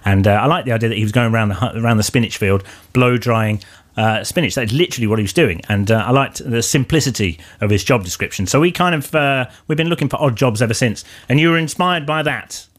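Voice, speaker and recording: A man's voice: mid-range voice, quick pace. A man presenting a live radio show, chatting in a wry, rambling way with plenty of fillers.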